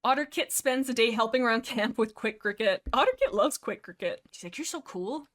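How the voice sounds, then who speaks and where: A woman's voice: on the high side, brisk, fairly bright tone. A woman casually telling the story of her cat-clan game, chatty and full of fillers, acting out lines. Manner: chatty, lots of fillers, acts out character lines. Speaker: gaming YouTuber. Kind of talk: casual let's-play storytelling.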